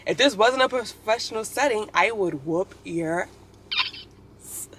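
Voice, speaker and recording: A woman's voice: medium pitch, animated, slow, background noise, pitched above the performer's own voice. A woman imitating an angry young male student who indignantly threatens his professor.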